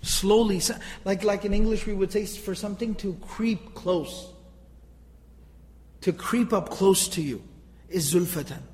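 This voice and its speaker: Guy teaching quran grammar, pretty high voice, lots of "see the difference?", big echoey hall. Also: unhurried, a little mellow. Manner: emphatic, repeats and restarts words, asks rhetorical questions. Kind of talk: explaining Quranic grammar to listeners.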